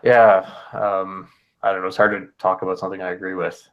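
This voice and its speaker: A man's voice: deep voice, little pitch movement, a little fast, muffled recording. Man, co-host, dry teasing humor, casual stream talk. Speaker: podcast co-host. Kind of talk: casual debate chat.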